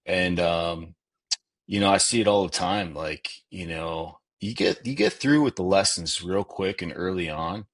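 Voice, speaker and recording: A middle-aged man chats as a podcast guest in a deep, low register. His voice carries a husky, slightly rough edge. He rambles along, circling back on his points and leaning on "you know" fillers. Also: measured pace. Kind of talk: casual conversation.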